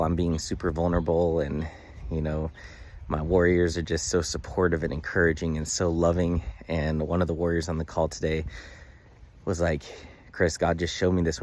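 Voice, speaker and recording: Man, deep voice, earnest casual vlog, phone at arm's length, outdoors, faint background noise. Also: a little mellow. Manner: earnest, emotional, many fillers. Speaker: vlogger. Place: outdoors in the sun.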